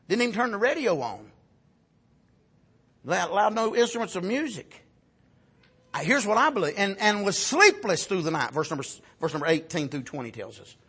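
A man delivers a fervent sermon in a high, bright voice. His tone carries a husky edge. He drops low for asides, then climbs to shouts and calls of amen. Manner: fervent, rising to shouts, frequent amens. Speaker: preacher.

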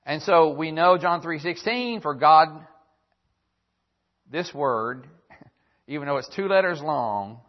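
Speaking slowly with frequent pauses and lively intonation, a male preacher with a rather high voice reads old-style scripture verses and repeats his main phrases. The recording sounds dull and lo-fi, as from an old church broadcast.

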